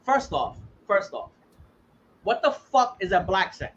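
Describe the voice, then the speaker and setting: A man's voice: sits high, sing-song, measured pace, fairly bright tone, dull audio, slight background noise. A man hosting a casual podcast chat, ranting heatedly and swearing freely. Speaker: podcast host.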